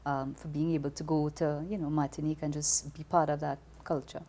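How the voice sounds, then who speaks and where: A woman with a Trinidadian accent, talking as an interview guest in an expressive, conversational way, often repeating words as she starts a thought. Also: sits low, a little fast. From Trinidad and Tobago.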